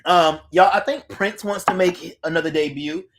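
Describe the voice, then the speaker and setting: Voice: mid-range voice, normal speed. An adult host chatting casually on a live stream, greeting viewers by name and reading their comments aloud, recorded on a phone.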